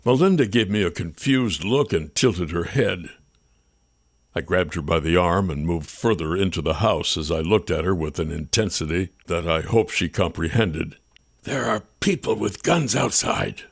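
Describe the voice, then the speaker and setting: A man narrating a first-person audiobook with expressive, tense storytelling. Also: deep voice, normal speed, no room sound, clean studio sound.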